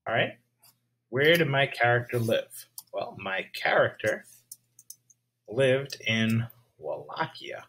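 A male teacher giving a lesson video, speaking slowly and checking in with his students. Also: medium pitch, expressive, vocal fry, fairly bright tone, low-quality recording. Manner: slow, checks in with "all right?".

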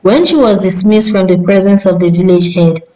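A woman narrating a folk tale in a steady, measured storytelling manner. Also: medium pitch, rough recording.

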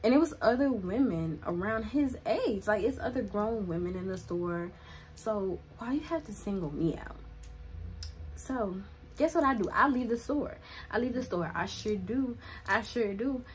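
A woman's voice: medium pitch, animated, moderate pace. Young woman doing a storytime vlog, says like a lot, dramatic retelling. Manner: chatty, lots of "like" fillers, dramatic retelling. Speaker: vlogger.

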